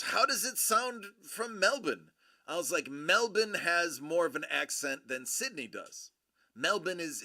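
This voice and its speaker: A man's voice: fairly high pitch, sharp tone. A middle-aged man hosting a casual collectibles show, rambling and joking as he tells stories with many restarts. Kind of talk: casual chat.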